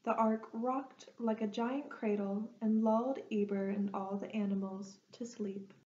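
A woman reading a children's picture book aloud in a gentle storytelling manner. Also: mid-range voice, fairly even intonation, unhurried. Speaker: storybook reader. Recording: dull lo-fi recording.

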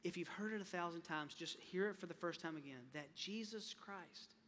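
A male pastor delivers a sermon in a high, bright, ringing voice at normal speed, impassioned and often doubling back before building to loud, emphatic peaks. The long reverb of a large sanctuary surrounds him, along with a little hiss or hum.

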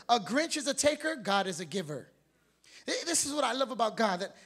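Male pastor, very high voice, emphatic sermon delivery with call-and-response. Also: a bit bright. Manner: emphatic preaching with call-and-response questions and repeated words; playful, acts out family members.

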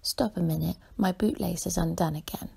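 A woman voicing a tearful, touchy young girl in a soft whispered role-play for a bedtime story. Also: fairly low pitch, moderate pace, full character voice. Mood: indignant. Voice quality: husky, creaky whisper.

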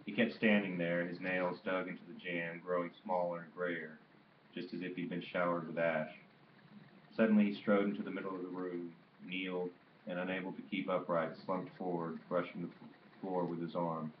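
A man reading a novel aloud in a steady, measured narration, in a dull, roomy recording. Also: low-pitched, slight background noise. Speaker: audiobook reader. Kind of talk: literary audiobook narration.

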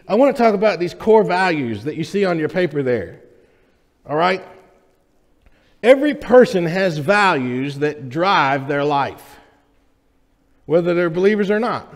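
In a church sanctuary, a male pastor with a high but darkish voice delivers a sermon in a chatty, joking manner, frequently engaging the congregation directly. The recording carries the reverberation of a church hall.

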